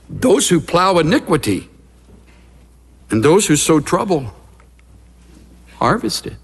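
A middle-aged pastor preaches in a loose, storytelling way, with a slightly raised voice that swings widely up and down. His tone is husky and a little breathy. A long reverb trails behind him, as in a big church hall. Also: a little high, unhurried, pauses often. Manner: animated storytelling, acting out scenes with gasps and asides. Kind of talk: conversational sermon.

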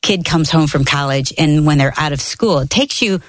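Middle-aged woman, co-host, earnest storytelling, faith talk, fairly low pitch. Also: moderate pace, no room sound. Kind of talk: faith conversation.

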